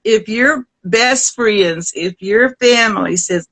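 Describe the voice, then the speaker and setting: An older woman with a Southern US accent, a guest singer telling stories in an interview, lively and often laughing, with restarts. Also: mid-range voice, slow, rough recording. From American South. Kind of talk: storytelling in a conversation.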